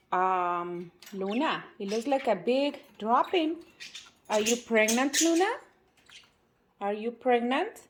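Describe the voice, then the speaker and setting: Lady chatting to her birds, kinda high voice, slow and sing-song, loud chirping all around. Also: expressive. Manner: coaxing baby talk to her birds. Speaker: bird owner vlogger. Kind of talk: casual vlog talking to pet birds. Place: indoors at home with birdcages. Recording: bird chatter noise behind the voice. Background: birds chirping and squawking.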